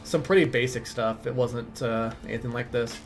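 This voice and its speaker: A man's voice: mid-range voice, normal speed. A man streaming a role-playing game, chatting casually, laughing often and reading game text aloud. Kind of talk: casual gameplay commentary. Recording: faint game music behind.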